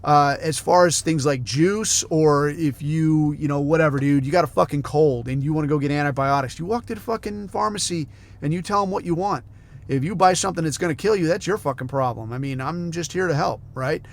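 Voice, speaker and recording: A man's voice: a little high, fairly quick. A middle-aged man hosting a podcast, telling rambling stories in a casual, heavily profane rant. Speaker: podcast host.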